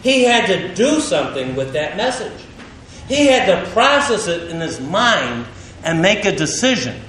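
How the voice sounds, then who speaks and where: A man gives a sermon on a Bible passage, pausing dramatically and preaching with animated emphasis. The space sounds echoey, and a faint rumble is audible.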